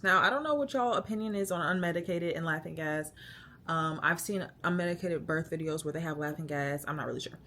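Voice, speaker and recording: A woman's voice: low voice, fairly quick, pushed and bright. A young woman vlogging her birth story, retelling it emotionally with lots of quoted speech. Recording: light background noise.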